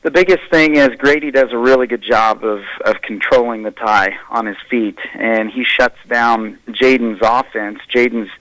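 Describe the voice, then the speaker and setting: A man's voice: medium pitch, moderate pace, few pauses, a bit bright, no echo, poor audio. Male coach, mid-range voice, frank and plainspoken, dry close recording. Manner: candid, plainspoken self-critique. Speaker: high school wrestling coach. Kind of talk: radio interview.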